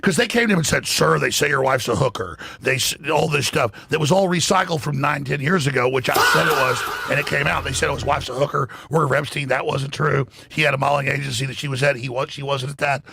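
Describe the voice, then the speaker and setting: A man's voice: medium pitch, fast, creaky, few pauses, sharp tone, a little hiss or hum. A man hosting a talk radio show, delivering heated, emphatic political commentary full of profanity and stumbling restarts.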